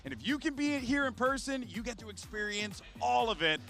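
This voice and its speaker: A man's voice: very high voice, fairly quick, gravelly, faint music behind. A man hosting an esports broadcast desk, upbeat and joking as he reads the segment. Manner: upbeat and joking, lively delivery. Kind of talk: scripted broadcast hosting with banter.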